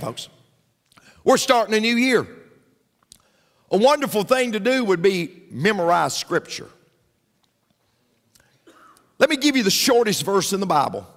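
A man preaches from the pulpit in a high, swooping voice, hammering home his points through repetition and turning often to the congregation with asides. The room carries a long reverberant tail, as in a large sanctuary. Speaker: pastor. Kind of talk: sermon.

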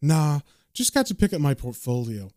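A man voicing a teasing, affectionate young woman artist from a comic, read aloud in a casual, lightly lowered voice. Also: sing-song, normal speed, a little mellow, dry recording, studio quality.

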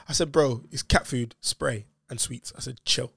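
A man's voice: mid-range voice, moderate pace, gravelly, fairly bright tone, a little hiss or hum. A man telling a story in casual chat, full of slang and swearing and acting out what other people said.

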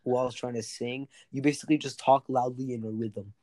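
A man's voice: medium pitch, fairly even intonation, a little fast, a little mellow, dry recording. Rambling young man in casual chat. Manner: rambling, full of fillers and laughs.

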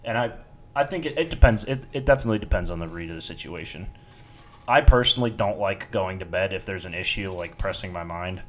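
Thoughtful young man, low voice. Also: fast. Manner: thoughtful, weighing both sides. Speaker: podcast co-host. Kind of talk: casual chat.

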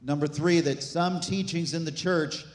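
Guy preaching in a church, kinda high voice, jokey asides, big roomy echo. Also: measured pace. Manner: animated preaching with asides and jokes. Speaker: pastor. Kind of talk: sermon. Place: church sanctuary. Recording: echoey church hall.

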